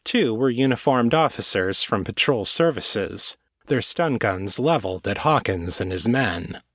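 A man narrating a novel chapter in scripted audiobook style, with a measured, even delivery. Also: medium pitch, no room sound, studio quality.

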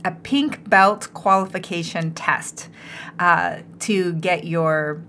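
A woman's voice: lowish voice, steady tone, slow, sharp tone, a little hiss or hum. A woman with an American accent co-hosting a podcast in casual chat, mixing Japanese into her English. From United States. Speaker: podcast co-host.

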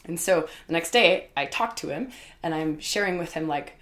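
A woman's voice: on the low side, normal speed, a bit bright. A woman host telling a candid personal story in a casual, emphatic way, with many fillers and repeated words. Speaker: podcast host.

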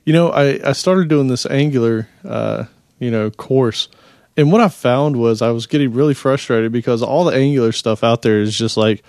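A man in a relaxed tech podcast conversation, his voice mid-pitched and chatty. He thinks aloud, restarting phrases as he goes. The recording is dry and close, with no room sound. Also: moderate pace, no room sound. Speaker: podcast co-host. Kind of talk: casual tech podcast chat.

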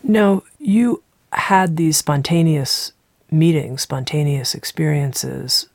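A woman hosting an interview, asking measured, thoughtful questions. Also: low-pitched, a little mellow, no room sound, studio quality. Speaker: podcast host.

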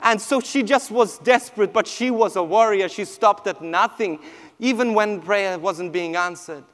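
A man, a priest, telling a personal testimony with emotional storytelling that swings from hushed to near shouting. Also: high-pitched, moderate pace. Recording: long hall reverb.

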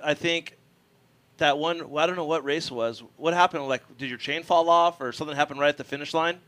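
A male co-host chats in easygoing banter, calling everyone "dude." His voice is smooth and clear, sitting a little high. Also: fast, fairly bright tone. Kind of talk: casual talk show banter.

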